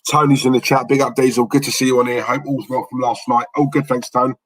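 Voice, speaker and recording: A man's voice: medium pitch, little pitch movement, fast talker, fairly bright tone, rough recording. A young man with a London accent hosting a football watchalong stream, chatting casually and rambling while reading out chat messages. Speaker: watchalong host.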